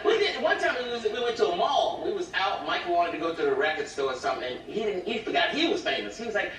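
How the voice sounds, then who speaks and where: Guy telling a funny story, all over the place pitch-wise, echoey far off with noise. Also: quick pace, few pauses. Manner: animated, laughing, mimics voices. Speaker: comedian. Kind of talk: comic storytelling. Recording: echoey, distant, noisy.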